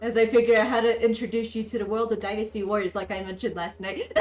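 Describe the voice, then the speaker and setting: A woman's voice: fairly high pitch, level tone, quick pace, darkish tone. A woman hosting a stream, chatting casually with a guest, giggly and hyped, often restarting her sentences. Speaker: streamer host. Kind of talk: casual chat on an art stream. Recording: echoey room. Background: faint background music.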